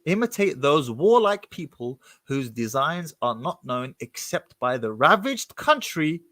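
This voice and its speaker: A man reading passages from a book aloud and breaking off to comment on them in an expressive, animated way. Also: fairly high pitch, a little slow, no echo.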